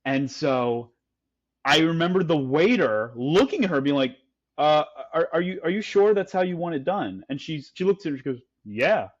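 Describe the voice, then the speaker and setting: A man's voice: a little high, lively intonation, normal speed, lo-fi sound. A man co-hosting a casual podcast, telling a story with lots of restarts and fillers. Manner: rambling storyteller with many restarts. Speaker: podcast co-host. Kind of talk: casual chat.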